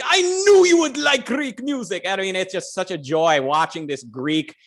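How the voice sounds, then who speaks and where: A man's voice: fairly high pitch, a bit bright. A man co-hosting a casual livestream, talking loosely and joking, with plenty of fillers and restarts. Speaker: co-host.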